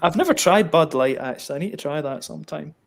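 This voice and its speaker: A man's voice: fairly high pitch, lively intonation, fast talker, creaky. A man hosting a casual livestream from his home, bantering and swearing and reading out viewer messages. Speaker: livestream host. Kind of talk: casual chat. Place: home, living in Sweden.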